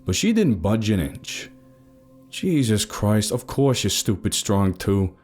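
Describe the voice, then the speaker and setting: A man narrating a first-person story, giving each character an expressive voice. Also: low voice, moderate pace, soft background music.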